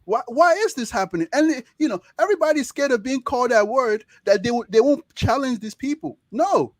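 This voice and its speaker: A man's voice: extremely high pitch, expressive, brisk, dry recording. A young man with a Nigerian accent, talking as an interview guest in a passionate, emphatic way and repeating words to press his points. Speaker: interview guest, medical student. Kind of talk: casual interview conversation.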